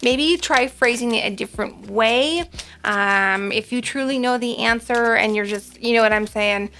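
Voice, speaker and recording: A woman's voice: fairly high pitch, normal speed, fairly bright tone, a little hiss or hum. A woman doing a casual pick-a-card tarot reading, chatty and rambling, with frequent ums. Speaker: tarot reader.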